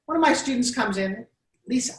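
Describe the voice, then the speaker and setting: Speaking at normal speed in a slightly high voice, the New York-accented instructor directs her students through exercises in a live workshop. She is an on-camera presence coach, animated and coaxing, heard from a distant mic in an echoey classroom.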